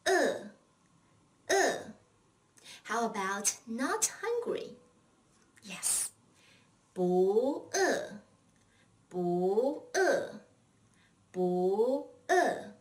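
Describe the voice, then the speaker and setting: A woman teaching a scripted Chinese language lesson, speaking patiently and encouragingly, pausing for learners to answer. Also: a little high, far from the mic, slight background noise.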